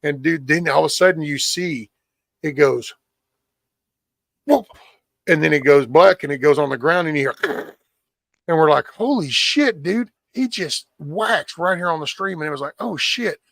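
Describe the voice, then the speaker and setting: A man's voice: fairly high pitch, normal speed, gravelly, long pauses, no room sound. A man, hosting a live stream and telling stories in casual chat, acting out quotes and swearing freely. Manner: animated storyteller, acts out quotes, swears freely.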